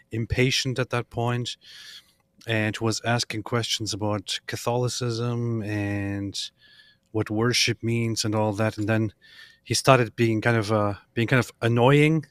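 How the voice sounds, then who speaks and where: A man's voice: medium pitch, steady tone, a little slow, dry recording. A male guest on a casual livestream, telling a story loosely and often restarting his words.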